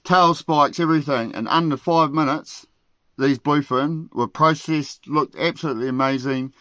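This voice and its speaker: Male podcast host, loose storyteller with a bright, forceful tone; heavy swearing, frequent laughs, dry close sound. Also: on the high side, normal speed, no echo. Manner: profane, laughs often, acts out other people's shouting. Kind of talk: casual storytelling.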